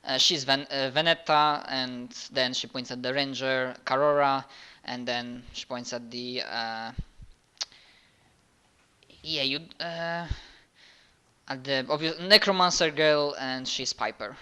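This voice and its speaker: A man playing a tabletop role-playing game, talking haltingly with many fillers and restarts as he describes his character's actions. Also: mid-range voice, steady tone, sharp tone, smooth. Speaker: player.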